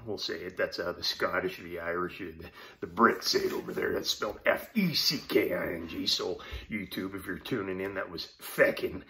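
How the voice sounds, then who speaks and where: Low-voiced man rambling about beer. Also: a bit bright, a little hiss or hum. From Canada. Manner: loose, profane, joking asides. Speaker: beer review vlogger. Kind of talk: casual rambling chat to camera. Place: apartment.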